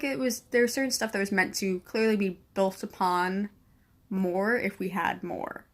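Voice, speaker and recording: A woman reviewing a show in a casual, gushing way, teary from crying, swearing freely and trailing off into soft whispers. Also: medium pitch.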